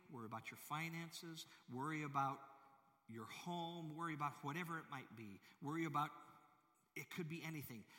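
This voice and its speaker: Bright-voiced preacher in a reverberant hall. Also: male voice, on the high side. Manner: emphatic preaching with rhetorical questions. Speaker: pastor. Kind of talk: sermon.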